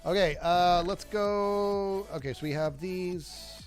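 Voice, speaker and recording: A man's voice: high-pitched, takes it slowly, hardly any pauses, soft background music. A man streaming a video game live, joking and talking to himself as he plays. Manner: animated, joking, talks to himself while playing. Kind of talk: live gaming commentary.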